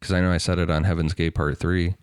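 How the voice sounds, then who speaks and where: Podcast co-host, male, very deep voice, dry close sound, loose and chatty. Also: little pitch movement, fast, darkish tone, clean tone, no echo. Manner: laughs between phrases, loose and chatty. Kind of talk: casual chat.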